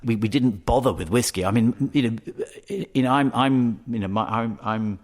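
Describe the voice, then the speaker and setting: A man's voice: mid-range voice, normal speed, darkish tone. A man in his fifties telling a long story in an interview, hesitant, with frequent fillers and restarts. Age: 50s. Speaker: distillery CEO, podcast guest.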